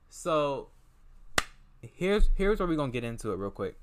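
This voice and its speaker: A young man casually retelling a film's plot, animated and gossipy, with sassy asides and squealed imitations. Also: medium pitch, moderate pace, a little hiss or hum. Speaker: movie reviewer.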